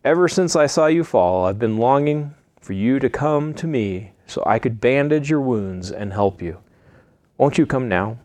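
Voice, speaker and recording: A man voicing a loving, patient father in a read-aloud storybook, speaking slowly and reassuringly. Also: mid-range voice, lively intonation, a little mellow, no room sound, close to an everyday voice.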